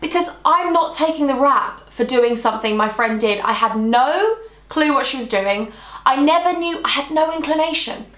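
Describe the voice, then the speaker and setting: A woman's voice: high voice, animated, moderate pace, a bit bright, roomy sound. A young woman telling a dramatic storytime vlog, chatty and full of asides to her viewers. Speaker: beauty vlogger.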